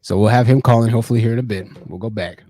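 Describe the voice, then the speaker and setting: A fast-talking young man hosting a laid-back livestream and chatting straight to his viewers. His voice is mellow and rather dark, and he often repeats a phrase for emphasis. The sound is dry and close, with little room in it. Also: mid-range voice, no room sound. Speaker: livestream host. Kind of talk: casual livestream chat.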